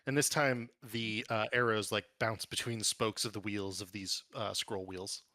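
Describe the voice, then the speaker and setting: A man's voice: on the low side, fairly even intonation, moderate pace, bright, forceful tone, no room sound, clean studio sound. A man narrating a tabletop game as game master, describing the action in detail.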